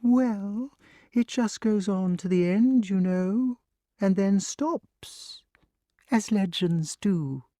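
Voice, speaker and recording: Man doing patient old grass snake, sing-song lilt, slow, mellow, dry audiobook sound. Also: sits high, dry recording, pitched above the performer's own voice. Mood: patient, musing. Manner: sing-song, gently affectionate. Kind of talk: audiobook character reading.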